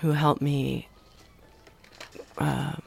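A middle-aged San Fernando Valley woman with a Valley girl accent, interviewed casually on radio as a musician, speaks in a deep, steady, gravelly, husky voice. Her talk is slow and wandering, hesitant, sprinkled with ums and soft asides that trail off.

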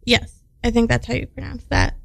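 A woman's voice: a little high, very animated, moderate pace, gravelly, fairly bright tone, no echo, poor audio. A woman co-hosting a casual show, talking in an easygoing, descriptive way. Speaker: podcast co-host. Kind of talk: casual chat.

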